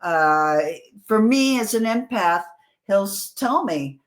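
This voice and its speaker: A woman from New York, a guest author telling stories in a casual interview, animated and full of quick restarts. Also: mid-range voice. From New York, USA.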